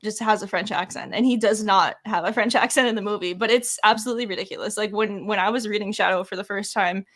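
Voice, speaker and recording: A woman hosting a podcast interview, chatty and upbeat, quick to laugh. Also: mid-range voice, fairly even intonation, fairly bright tone. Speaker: podcast host. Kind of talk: casual interview chat.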